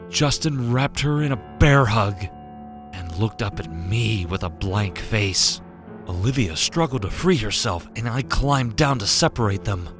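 Male horror storyteller, unhurried and hushed, lowish voice over faint music. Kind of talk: scripted horror narration. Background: faint background music.

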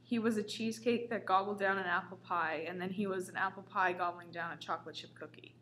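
A woman reads a silly story aloud at a mid pitch, casually, sometimes tripping over words. A faint hum sits under her voice. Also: steady tone, a little fast, sharp tone. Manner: casual, stumbles and laughs while reading. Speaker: story reader. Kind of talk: reading a comic story aloud.

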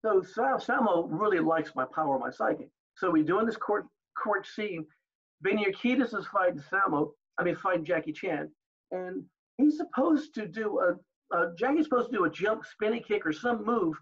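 Husky older man telling lively stories. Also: high voice, normal speed, lo-fi sound. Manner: animated anecdotes, acting out quoted exchanges. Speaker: interview guest. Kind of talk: storytelling in an interview.

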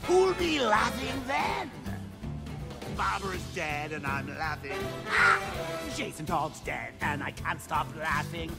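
An actor playing a manic murderous clown villain in a video game, singing with gleeful sing-song menace over a soundtrack. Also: male voice, a little high, expressive, slow pace, gravelly, exaggerated voice. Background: game soundtrack music.

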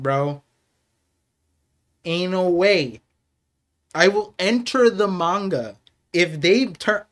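A young adult man streaming a live reaction, excitable and laughing, then turning quiet and reflective. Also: sits high. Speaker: streamer reacting to a manga chapter.

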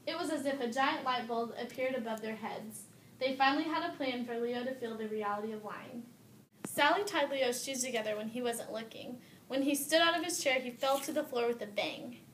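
A woman reading a children's story aloud in a steady, expressive way. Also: fairly high pitch, fairly quick, roomy sound, distant mic, slight background noise, poor audio.

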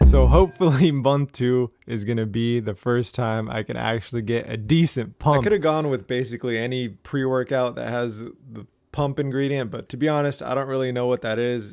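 A young fitness vlogger chats to the camera at the gym in a mid-range, slightly mellow voice, recorded with no room sound. He's upbeat and talkative, pokes fun at himself, calls people dude, and is out of breath after his sets.

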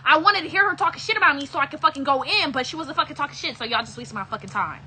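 A young-sounding woman with a high, bright voice rants to her livestream viewers. She is irritated, swears heavily and repeats herself as she vents. The sound is a casual home stream. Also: expressive, racing, slight background noise, low-quality recording. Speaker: livestream host. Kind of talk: angry rant to live viewers.

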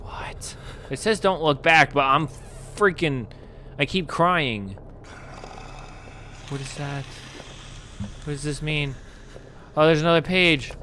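A man's voice: fairly high pitch, slow, pauses often, sharp tone, slight background noise. A young man commentating a horror game as he plays, jumpy and panicky, breaking into screams and swearing when something startles him. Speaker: gaming YouTuber.

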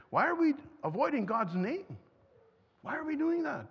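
A man's voice: very high-pitched, very animated, normal speed, vocal fry. An older man whose first language is German, teaching a sermon to parents in a church and putting questions to the audience. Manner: questions the audience, chuckles between points. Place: church hall. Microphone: microphone. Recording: echoey hall, dull lo-fi sound.

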